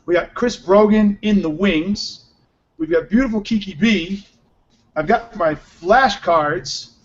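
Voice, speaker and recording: A man's voice: high voice, slow pace. A man hosting a podcast in upbeat, joking, rambling casual chat, on muffled lo-fi audio. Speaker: podcast host.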